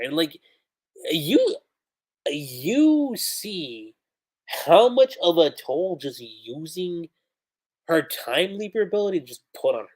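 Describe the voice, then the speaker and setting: Chatty livestream reviewer, casual recap, animated pitch, laughs a lot. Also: slow pace, pauses often. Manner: chatty, laughs often, many fillers. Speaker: manga reviewer.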